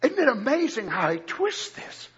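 Male preacher, very high, husky voice, swings from whisper to shout, dull lo-fi church recording. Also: huge pitch swings, normal speed. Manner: swings from low murmurs to loud shouted preaching. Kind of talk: sermon.

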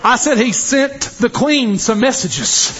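A man preaching a sermon, fervent and often shouting, with repeated exhortations to the congregation. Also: very high-pitched, measured pace. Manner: fervent, shouting exhortation with call-and-response phrases. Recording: dull lo-fi recording.

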